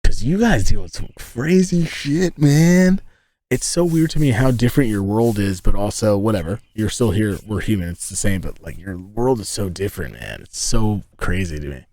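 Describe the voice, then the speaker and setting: A man's voice: on the low side, no echo. A man from the United States live-streaming from inside a tent, rambling and joking with his viewers and swearing often. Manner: rambling, profane, joking, talks to chat. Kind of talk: casual live-stream chat.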